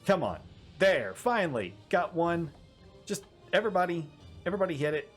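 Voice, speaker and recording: A man giving casual gameplay commentary, animated and often laughing, exasperated at the game's behavior. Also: mid-range voice, moderate pace, faint music behind. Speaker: gaming YouTuber.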